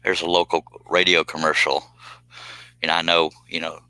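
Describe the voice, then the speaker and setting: Male live-stream host, low-set but bright, punchy voice, rambling and jokey. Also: level tone, normal speed, clean tone, dry recording. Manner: rambling, joking, reads chat comments aloud. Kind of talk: casual live stream chat.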